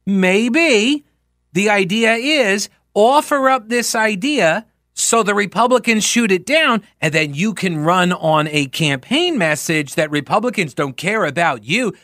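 A man's voice: high-pitched, animated, measured pace, pushed and bright, no room sound, studio quality. A man hosting a political talk radio show, ranting in a sarcastic, exasperated way. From United States. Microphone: studio microphone.

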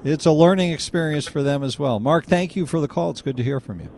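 A man hosting a call-in radio talk show, chatting with callers and thinking out loud. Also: a little high, quick pace, a little hiss or hum. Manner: conversational, chatty, muses aloud.

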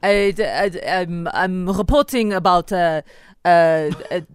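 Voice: medium pitch, takes it slowly, clear, resonant tone, no room sound, voice pushed down, lightly acted. A person playing a touchy foreign correspondent, stammering and defensive.

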